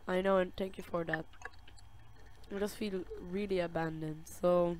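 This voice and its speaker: A woman playing a game on camera, reading its chat messages aloud in a slow, drawn-out way and reacting with soft sympathy. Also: fairly low pitch, steady tone, a little hiss or hum. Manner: reads dialogue slowly, with soft sympathetic reactions. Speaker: gaming video creator. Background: loud game music and keyboard typing.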